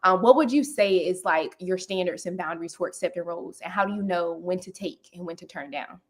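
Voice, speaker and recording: A woman's voice: fairly low pitch, a little fast. Chatty woman hosting a live talk. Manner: chatty, slangy, upbeat. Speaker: host. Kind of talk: casual interview hosting.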